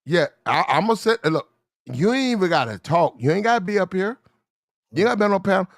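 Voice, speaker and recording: A man's voice: sits high, lively intonation, fast, no echo, studio quality. A man hosting a casual livestream, telling stories in a loose, slangy drawl. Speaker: stream host.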